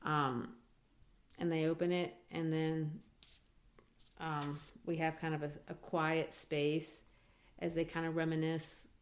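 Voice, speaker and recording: A woman's voice: sits low, flat delivery, slow, long pauses. Thoughtful woman discussing literature. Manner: thoughtful, reads quotes aloud with small voice changes. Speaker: podcast co-host.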